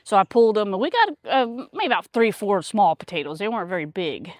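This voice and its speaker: A woman's voice: mid-range voice, big pitch swings, fast talker, no echo. A woman chatting casually outdoors in her garden, rambling with lots of fillers. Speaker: homesteader vlogger. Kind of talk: casual chat.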